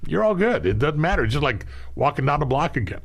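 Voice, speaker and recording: A man's voice: a little high, quick pace, creaky. An older man, a veteran guest, telling war stories in a casual talk and acting out the voices of people he quotes. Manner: animated storyteller, acts out the voices of people he quotes. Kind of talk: casual storytelling on a talk show.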